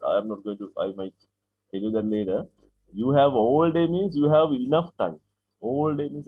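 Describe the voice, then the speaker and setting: A man's voice: medium pitch, breathy edge. A man teaching an English class online, repeating phrases, asking "right?" to check understanding and acting out example sentences. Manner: acts out example sentences with lively, drawn-out delivery. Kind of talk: online English lesson explaining vocabulary. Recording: tinny call-like line from an online class.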